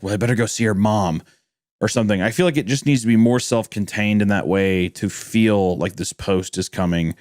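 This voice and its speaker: A young man co-hosting a podcast, giving his opinions in a relaxed, hedging way. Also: on the low side, no room sound, studio quality. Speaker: podcast co-host. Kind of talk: casual discussion.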